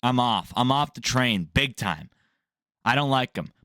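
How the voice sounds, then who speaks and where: A man's voice: medium pitch, a little slow, no echo, clean studio sound. A young man hosting an MMA news channel, giving blunt, profane, opinionated commentary in a casual rant. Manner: blunt, profane, animated ranting.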